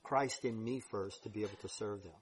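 A man preaching a sermon, with emphatic stresses and sudden quiet drops. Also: fairly low pitch, fairly quick, a little hiss or hum.

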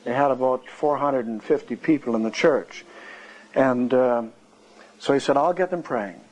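Earnest preacher telling a testimony. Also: male voice, mid-range voice, fairly even intonation, a little slow, darkish tone, rough recording. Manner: earnest, anecdotal, acts out dialogue. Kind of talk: sermon testimony storytelling.

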